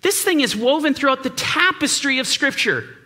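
A man delivers a sermon with urgent, emphatic force. His voice sits very high and sounds bright. His pitch swings widely as he presses each point. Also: lively intonation, normal speed. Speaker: preacher.

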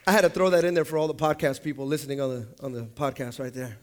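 A man preaching a sermon, joking and swinging between loud highs and low asides. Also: fairly even intonation, fast talker, few pauses, some chatter behind. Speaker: pastor.

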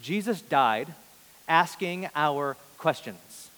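A man in his thirties preaching a sermon before a large congregation, earnest, moving between loud emphasis and soft, hushed lines. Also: on the high side, lively intonation, takes it slowly. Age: 30s. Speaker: pastor. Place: large church hall before a big congregation. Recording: long reverb of a large hall.

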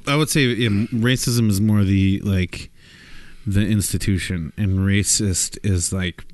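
A man co-hosting a podcast in casual chat, relaxed and quick to laugh. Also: on the low side, dry recording. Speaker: podcast co-host.

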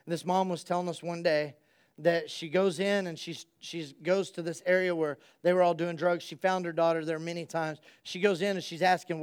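A man preaching a sermon, swinging from hushed storytelling to loud, excited preaching. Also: fairly high pitch, brisk, smooth. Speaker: pastor.

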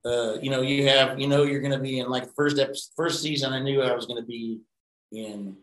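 A middle-aged actor telling rambling, profane anecdotes in a casual interview. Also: male voice, mid-range voice, fairly even intonation, fairly quick, fairly bright tone, roomy sound, poor audio.

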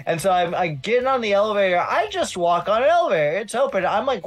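Animated, profane man telling stories. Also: high-pitched, brisk, few pauses, faint music behind. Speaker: guest film critic and interviewer. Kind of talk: casual storytelling chat.

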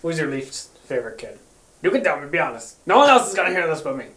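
A man's voice: on the high side, big pitch swings, fast talker, crowd noise. A man hosting a comedy podcast, playful and giggly, laughing through his own jokes in improvised banter. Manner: giggly, playful, keeps laughing mid-sentence.

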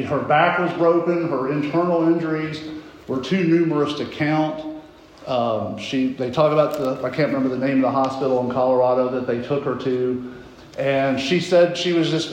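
A man preaches a sermon, spinning a story in a loose, rambling way, often stopping to correct himself. His voice sits a little high for a man. The recording carries a strong, ringing echo from a large church room.

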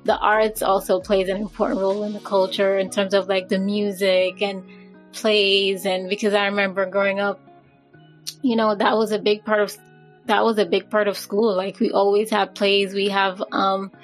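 Woman interview guest, halting casual answers, soft music bed. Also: mid-range voice, little pitch movement, low-quality recording. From Jamaica. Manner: hesitant, searching for words. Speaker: guest educator.

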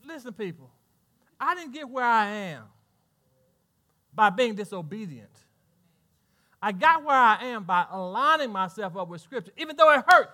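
A middle-aged pastor with a Southern American accent and a very high, bright, forceful voice preaches a sermon. He uses call-and-response asides and laughter, voicing imagined churchgoers in quick back-and-forth.

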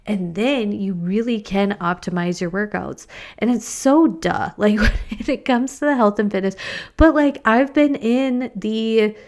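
A woman's voice: medium pitch, measured pace, darkish tone. A woman in her thirties, a mom and podcaster, in a candid, chatty talk full of "like". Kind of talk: casual chat.

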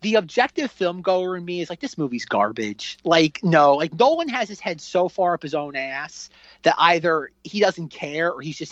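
A podcast co-host talks films in loose, animated chat, full of fillers and acted-out reactions. The recording is dull and lo-fi. It sounds dry, with no room around the voice. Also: medium pitch, dry recording. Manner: animated, rambling, filler-heavy, acts out own reactions. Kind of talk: casual film review chat.

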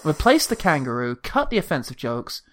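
A man co-hosting a casual film podcast, sardonic and quick to swear. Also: on the high side, huge pitch swings, fairly bright tone. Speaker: podcast co-host. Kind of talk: casual film review chat.

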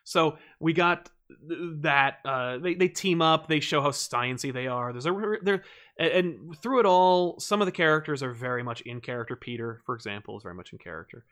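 A man's voice: on the high side, brisk. Rambling man in casual chat. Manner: rambling, lots of fillers and restarts, animated retelling.

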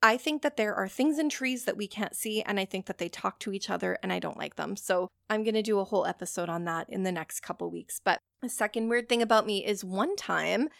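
A woman's voice: mid-range voice, a little fast, vocal fry, few pauses, fairly bright tone, dry recording. Woman, forties, rambling podcast monologue, casual swearing, dry close sound. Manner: candid, rambling, swears freely. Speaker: podcast host.

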